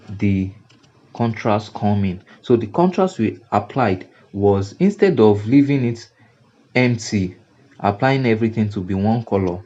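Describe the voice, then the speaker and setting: A man with a Nigerian English accent teaches graphic design in a screen-recorded software tutorial, repeating and restarting phrases to stress his points. His voice is lowish and dark, and the recording has its highs cut off.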